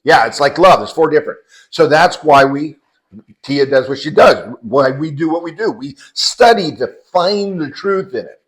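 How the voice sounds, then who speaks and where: A man's voice: a little high, animated, normal speed, low-quality recording. A man leading a casual group Bible study, explaining scripture and the Greek words behind it to the people around him.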